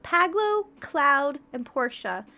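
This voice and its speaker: A young adult woman streamer chats casually as she closes out a gaming stream, drifting from topic to topic with plenty of giggles. Her voice sits high and sounds bright and clear. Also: big pitch swings, slow pace. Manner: rambling, chatty, giggly. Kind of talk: casual stream wrap-up chat.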